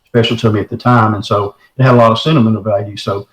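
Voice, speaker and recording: An earnest middle-aged man tells his own story in a folksy, plain-spoken way. His voice sits fairly low. The recording sounds roomy, with a noticeable echo. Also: fairly even intonation, fast. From Texarkana area, southern United States. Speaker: caller telling his encounter. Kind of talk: recounting a personal story.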